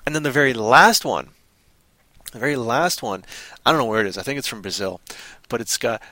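A man chatting on a podcast, animatedly retelling movie scenes and slipping into quick voices for the characters. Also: medium pitch, expressive, sharp tone, dry recording. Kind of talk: casual chat.

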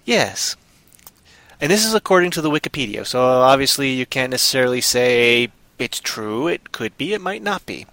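A man's voice: mid-range voice, big pitch swings, moderate pace, dry recording. A man hosting a podcast, chatting casually in a rambling, jokey way. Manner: rambling, jokey, bursts of loud goofy voices. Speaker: podcast host. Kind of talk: casual chat.

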